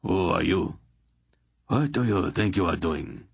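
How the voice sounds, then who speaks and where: A man voicing an excitable, plaintive male king in an audiobook, protesting and quick to shout. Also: low-pitched, gravelly, breathy edge, dry recording, full character voice. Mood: agitated.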